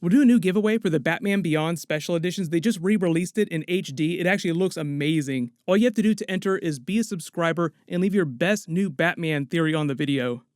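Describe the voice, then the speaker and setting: High-voiced man hosting movie news. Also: fast talker, hardly any pauses, dry recording, studio quality. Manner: chatty, enthusiastic breakdown. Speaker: host of a movie news channel. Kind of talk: online movie news commentary.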